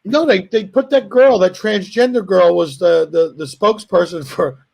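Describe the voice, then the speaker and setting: A man's voice: high-pitched, moderate pace, creaky. A man, a comedian guest, telling stories in casual podcast banter, swearing freely and voicing other people. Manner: profane, animated storytelling with voiced asides.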